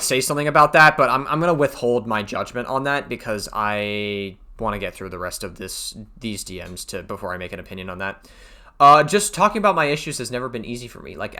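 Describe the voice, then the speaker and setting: A man giving casual reaction commentary, rambling with many fillers and swinging from loud outbursts to quiet mumbles. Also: mid-range voice. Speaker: commentary streamer reacting to allegations.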